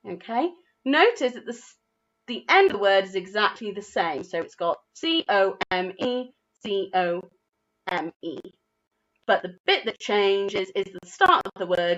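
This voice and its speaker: A woman with an English accent teaching a phonics lesson to young children, spelling words out slowly and praising their efforts. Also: medium pitch, expressive, a bit bright, dull audio. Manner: slow, clearly spelled-out words with encouraging praise. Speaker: primary school teacher.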